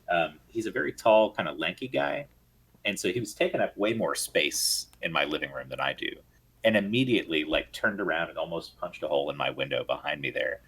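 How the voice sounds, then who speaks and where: A man's voice: low voice, slightly rough. A man co-hosting a live gaming stream, chatting casually and drifting into tangents. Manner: rambling storyteller, lively and tangential. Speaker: podcast co-host.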